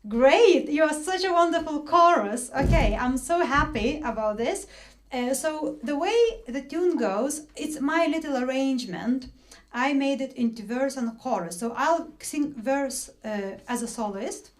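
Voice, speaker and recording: A woman's voice: high-pitched, lively intonation, measured pace. A woman leading an online singing workshop over a video call, explaining patiently with frequent fillers and restarts.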